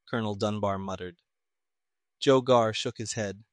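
A man reading a detective story aloud in a steady, even voice. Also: fairly low pitch, measured pace, no room sound, studio quality. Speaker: narrator. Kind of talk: audiobook narration.

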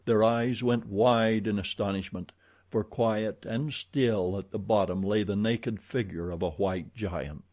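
A man reading an adventure story aloud in a measured, dramatic storytelling manner. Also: fairly low pitch, mellow. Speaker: audiobook narrator. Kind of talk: scripted narration.

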